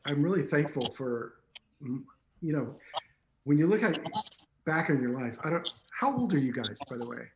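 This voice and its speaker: Brief: man, late 40s, slightly high voice, easygoing and halting, roomy echo on the line. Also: very animated, a little mellow, slight background noise. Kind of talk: casual chat.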